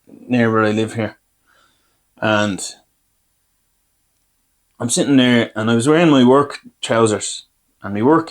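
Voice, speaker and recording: An Irish podcast host talks through his own mishaps in a loose, rambling way, poking fun at himself. His voice sits at an ordinary middle pitch for a man, and he slips into little acted-out exchanges as he goes. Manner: rambling, self-deprecating anecdotes with acted-out quotes. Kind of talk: comic storytelling.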